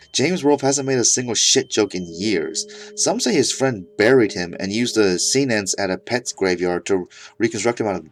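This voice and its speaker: A man narrating an absurd comedic horror story in a mock-serious tone. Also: fairly low pitch.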